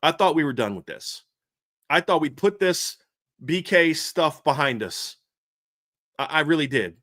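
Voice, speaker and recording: A man's voice: fairly high pitch, animated, a little slow, a bit bright, dry recording, clean studio sound. A man co-hosting a sports podcast, ranting heatedly about his team's coaching, fired up and repeating himself with restarts. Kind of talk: heated sports commentary rant.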